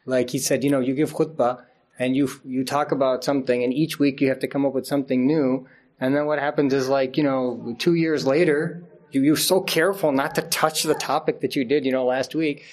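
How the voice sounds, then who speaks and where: A middle-aged imam gives an informal Friday sermon, chatty and often laughing at himself in self-deprecating asides. His voice is medium-pitched and darkish, with a steady tone and a moderate pace.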